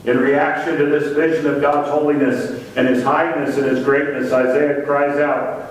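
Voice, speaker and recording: A male pastor delivers a sermon from a distance in a church sanctuary. His voice echoes strongly through the room, with a faint hum of ambience behind it. He lifts his pitch and stresses the words he repeats. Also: little pitch movement, normal speed. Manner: preaching with rising emphasis on repeated words. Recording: echoey church hall from far off.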